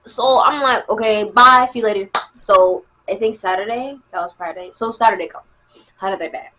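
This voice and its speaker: A young woman, telling a casual storytime vlog in a chatty, animated way. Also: fairly high pitch, fairly quick. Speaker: vlogger.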